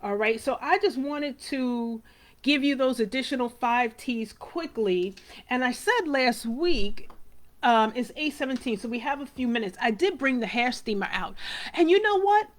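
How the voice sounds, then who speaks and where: A woman's voice: on the high side, lively intonation, moderate pace. Chatty woman hosting a hair show. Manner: chatty and rambling, addresses viewers by name. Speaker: hair care show host. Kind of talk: casual live talk to viewers.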